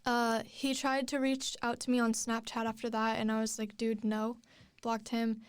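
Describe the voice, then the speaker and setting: A woman's voice: a little high, completely flat delivery, normal speed, clear, resonant tone, dry recording. A young woman, a podcast guest, telling her story in casual chat, rambling with many fillers and restarts.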